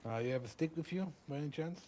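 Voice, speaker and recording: Dark mellow guy ribbing his friends in game chat, cusses a bit. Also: a little high, fast talker, slight background noise. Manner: teasing, swears casually. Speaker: fellow player.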